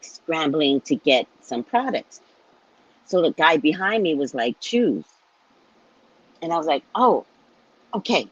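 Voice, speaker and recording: A middle-aged woman tells a story straight to her viewers, chatty and full of asides. Her voice is husky and swoops widely up and down. The recording is dry and a little dull. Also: deep voice, dry recording. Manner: animated, chatty storyteller with frequent swearing and self-asides. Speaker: psychic reader and show host.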